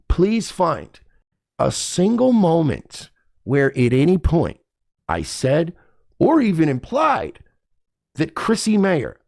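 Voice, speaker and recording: Gravelly, indignant man ranting. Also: on the high side, a little mellow, dry recording, studio quality. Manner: profane, indignant, mocks others in put-on voices. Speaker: podcast host. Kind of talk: casual rant to camera.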